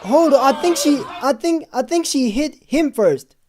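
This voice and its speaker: A man hosting a live stream, giving excitable, chatty commentary on video footage and often breaking off to pause it. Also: very high-pitched, crowd noise, noisy background. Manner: excitable, chatty, keeps saying "hold on".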